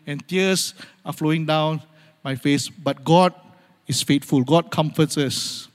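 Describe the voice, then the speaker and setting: A man preaching a sermon, swinging from loud urgent passages to hushed, near-whispered lines and repeating phrases for emphasis. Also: a little high, steady tone, a little slow. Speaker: pastor. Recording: long hall reverb.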